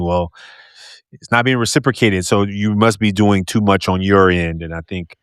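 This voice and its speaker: A man hosting a podcast interview with a loud, deep, projecting voice, talking in an animated, expressive way and laughing often. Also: moderate pace, clean tone, no room sound, clean studio sound. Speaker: podcast host. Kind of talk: casual conversational interview.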